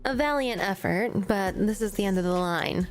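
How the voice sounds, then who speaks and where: A woman voicing a ruthless young female squad commander, reading game dialogue aloud in a calm, measured, contemptuous tone. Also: medium pitch, soft background music, close to an everyday voice. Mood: cold.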